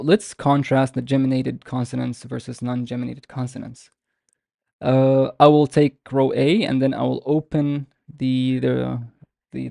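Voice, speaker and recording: Male language teacher on a video call, gravelly mellow voice, dry close sound, patient and explanatory, drags out example words. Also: medium pitch, no room sound. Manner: explanatory, with frequent restarts and drawn-out example words. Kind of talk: online language lesson.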